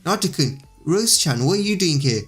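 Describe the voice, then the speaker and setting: Gentle young girl, voiced by a man, kind and soft. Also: on the high side, animated, quick pace, faint music behind, voice pushed up, lightly acted.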